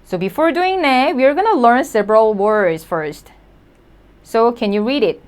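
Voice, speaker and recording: A woman leads a beginner lesson. She talks slowly and patiently, repeating each sound. Her voice sits a little high and moves up and down a lot. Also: lively intonation, smooth. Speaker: Korean language teacher. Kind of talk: slow spoken lesson.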